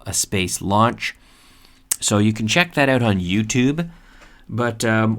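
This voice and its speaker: A man hosting an English lesson, speaking slowly and repeating key words so learners can practice pronunciation. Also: fairly low pitch. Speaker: English teacher and podcast host. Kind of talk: casual vocabulary lesson.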